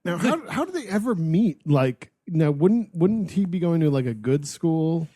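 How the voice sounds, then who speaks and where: A man's voice: a little high, sing-song, warm tone, no echo. Questioning man on a dry mic. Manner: halting questions with restarts, mock-conspiracy riffs. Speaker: podcast co-host. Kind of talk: casual comedic movie banter.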